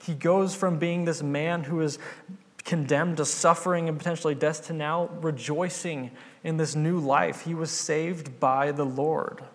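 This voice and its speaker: A man's voice: fairly high pitch, fairly even intonation, unhurried. A man preaching a sermon, retelling a Bible story in an earnest, conversational way. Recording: long hall reverb.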